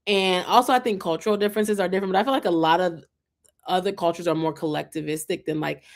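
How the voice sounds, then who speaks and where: A young adult woman from the United States who hosts a vlog and chats casually to her viewers. She is animated and fills her talk with "like" and "um" and asides of "child". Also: lowish voice, fast talker. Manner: chatty and animated, with lots of "like" and "um" fillers and asides of "child". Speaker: vlog host reviewing a reality show. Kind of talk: casual chat to camera.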